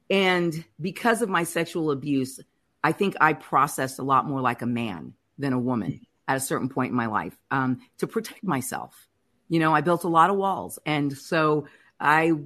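Woman, low voice, middle-aged, candid storyteller, acts out quotes. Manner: candid, animated retelling with acted-out quotes. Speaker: podcast guest telling her testimony. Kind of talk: personal testimony, casual storytelling.

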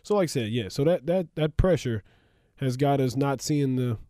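A man's voice: mid-range voice, normal speed, no echo, clean studio sound. A man hosting a sports podcast, talking casually with lots of laughs and asides. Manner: animated, laughs often, rambling asides.

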